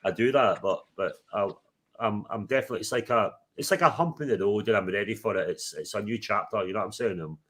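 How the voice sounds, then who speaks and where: A man's voice: on the low side, fast talker, fairly bright tone. A British man hosting a casual livestream, chatting with a guest and reading out viewer comments. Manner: chatty, laughing, reads out chat comments. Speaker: livestream host.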